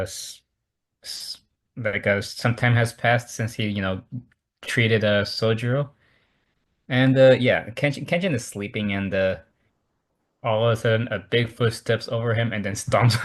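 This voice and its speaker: A man's voice: fairly low pitch, fairly even intonation, measured pace. Man stumbling through an anime recap. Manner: stumbling, repetitive retelling with many restarts. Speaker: anime review co-host. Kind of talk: casual chat over a call.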